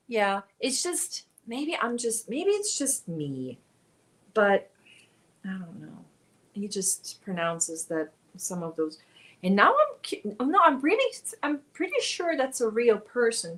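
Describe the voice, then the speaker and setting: A chatty woman hosting a crafting livestream and talking with viewers as she crochets. Her voice sits a little high, and her speech is animated and conversational. She sometimes drifts farther from the mic. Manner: chatty, animated, reads out viewer names and answers them. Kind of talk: casual chat with live chat while crocheting.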